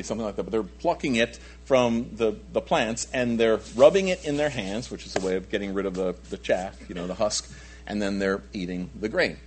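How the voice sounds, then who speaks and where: Husky man teaching a Bible lesson. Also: on the low side. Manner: animated, asks rhetorical questions, frequent restarts. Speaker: pastor teaching a Bible study. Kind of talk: conversational sermon.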